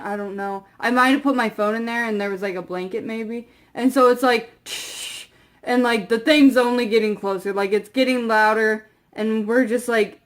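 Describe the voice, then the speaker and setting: A young woman vlogger telling a long story to camera in a rambling, casual way, full of fillers and quiet trailing asides. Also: a little high.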